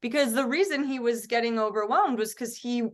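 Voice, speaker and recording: A woman's voice: on the high side, fairly quick. Easygoing woman telling a travel story. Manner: relaxed storytelling, frequent "like". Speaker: podcast co-host. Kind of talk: casual chat.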